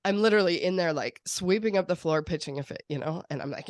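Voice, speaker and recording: A woman hosting a podcast in casual chat, animated and acting out quoted voices with laughs. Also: fairly low pitch, fast, hardly any pauses, dry recording, clean studio sound. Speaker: podcast host.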